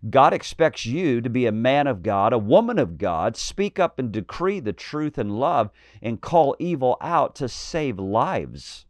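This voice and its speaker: A man's voice: mid-range voice, sing-song, a little slow, few pauses, no room sound. A man preaching a fiery, emphatic sermon, with bold declarations and mocking asides.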